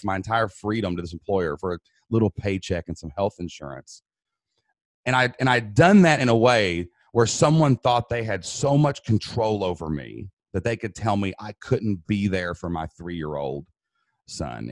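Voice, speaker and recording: A man with a somewhat low voice tells a personal story as an interview guest, earnest and emphatic. He acts out the voices of the people in it. The sound is dry and close, with little room. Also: no echo. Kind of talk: emotional first-person storytelling.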